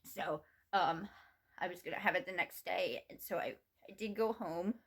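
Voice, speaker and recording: A middle-aged woman vlogging from home, telling a personal story in a halting, rambling way with many restarts. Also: lowish voice, breathy edge.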